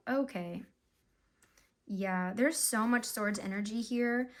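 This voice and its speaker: A woman's voice: a little high, slow. A young woman giving a casual, emotional tarot reading to camera, chatty and full of fillers and sighs. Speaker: tarot reader.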